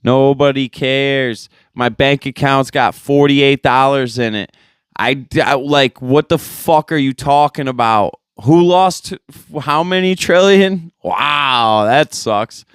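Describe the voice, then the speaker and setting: Young male podcast host, exasperated profane rant, crisp voice, dry close mic. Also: mid-range voice, takes it slowly, dry recording. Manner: swearing, exasperated ranting.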